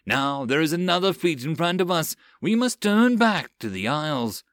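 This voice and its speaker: Reading an audiobook, a man voices a cautious male first mate who urgently pleads with his commander, pitching above his own voice. The delivery is very animated, a little high and fairly bright at normal speed, in clean studio sound with no echo.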